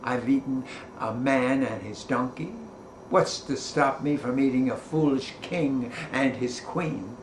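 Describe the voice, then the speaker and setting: A man's voice: medium pitch, unhurried, a little hiss or hum, lightly acted. A man doing a boastful greedy cat. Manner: smug, bragging. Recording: roomy echo.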